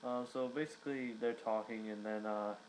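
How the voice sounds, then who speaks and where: A man's voice: medium pitch, fairly even intonation, normal speed, a little hiss or hum, rough recording. A young man giving a casual recap, rambling with many fillers and restarts. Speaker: wrestling reviewer.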